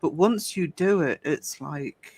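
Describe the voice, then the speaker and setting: A woman co-hosting a casual live-stream chat, talking in a soft, reflective way. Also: deep voice, slow, breathy edge, dry recording. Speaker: co-host.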